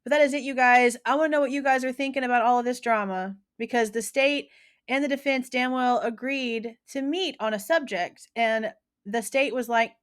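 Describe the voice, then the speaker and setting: A woman's voice: on the high side, moderate pace, clear, resonant tone. A woman hosting true crime commentary, talking casually in a slangy, emphatic, opinionated way.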